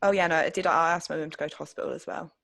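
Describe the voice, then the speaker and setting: A woman's voice: sits low, steady tone, very fast, creaky, a bit bright, no echo. A young woman, casually telling a personal story on a podcast, full of "like"s and loose swearing. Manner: chatty storytelling with many "like"s, swears freely. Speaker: podcast co-host. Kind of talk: casual chat.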